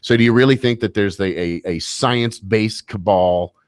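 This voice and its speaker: A man's voice: on the low side, moderate pace, dry recording. A man hosting a radio talk show, bantering casually with wry, joking asides.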